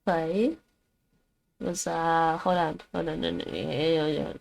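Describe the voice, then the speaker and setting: A woman whose first language is Dutch streams herself studying languages, chatting casually with viewers, often calling them by name and reading text aloud. Her deep voice is steady and gravelly at a moderate pace, with a little hiss or hum.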